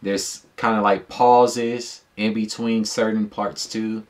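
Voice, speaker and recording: A man with a low, deep voice talks through a song in casual reaction commentary. He is laid-back and slangy and thinks aloud with easy fillers. He speaks into a dedicated microphone. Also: flat delivery, slow. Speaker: music reaction YouTuber.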